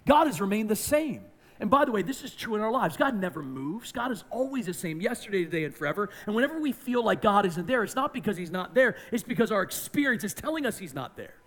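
A man preaching a sermon, emphatic, swinging from hushed lines to near-shouting. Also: high-pitched, big pitch swings, fast talker. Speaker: pastor.

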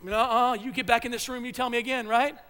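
A man's voice: very high voice, little pitch movement, fast, pushed and bright, clean tone. A man putting on the voice of a fisherman's indignant wife, scolding and incredulous.

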